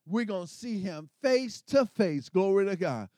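A man preaching a sermon, calling for responses from the congregation and building to excited shouts. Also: sits high, a little slow, no echo, clean studio sound.

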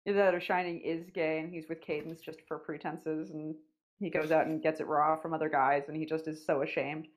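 A young woman with a low-pitched voice hosting a casual podcast. She reads out listener questions in a giggly, teasing way. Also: level tone, brisk. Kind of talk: casual chat.

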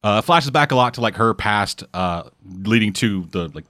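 A man's voice: lowish voice, lively intonation, moderate pace, bright, forceful tone, no echo, studio quality. Profane, rambling male podcast host. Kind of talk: casual comic book chat.

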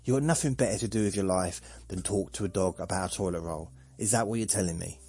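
A man's voice: low voice, fast, a little mellow. A man putting on a voice for his pet dog, talking in a whiny, cheeky and condescending way. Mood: sarcastic. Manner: whiny, then sassy and condescending.

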